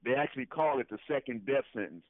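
A man's voice: mid-range voice, animated, fast talker, no room sound. Man on a tinny phone line. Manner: earnest, repeats himself often. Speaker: interview guest calling in. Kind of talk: phone-in conversation.

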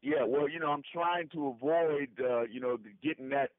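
A man's voice: on the high side, normal speed, no echo. A man calling in to an interview, talking earnestly and repeating himself often. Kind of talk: phone-in conversation. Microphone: phone. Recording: tinny prison phone line.

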